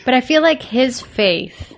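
A woman's voice: high voice, animated, unhurried. A woman co-hosting a podcast, making wry, joking asides in a casual film discussion. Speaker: podcast co-host.

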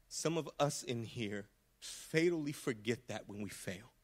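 A man's voice: medium pitch, animated, a little slow. A man preaching a sermon in a church, earnest and impassioned, often restarting his words. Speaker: pastor. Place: church sanctuary.

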